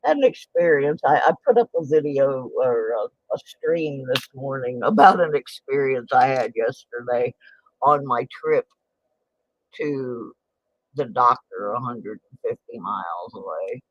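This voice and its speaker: A woman's voice: rumbling low, animated, measured pace, breathy edge, no room sound. A woman in her late sixties chatting on a casual livestream, telling a story in an indignant, exclaiming way. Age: 60s. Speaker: livestream host. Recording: dull lo-fi stream audio.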